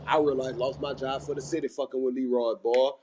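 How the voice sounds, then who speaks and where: A man from Mississippi telling a rambling, animated story in casual chat, swearing freely and acting out what people said. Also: medium pitch, a little fast. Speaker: regular panelist. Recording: noisy audio-chat recording.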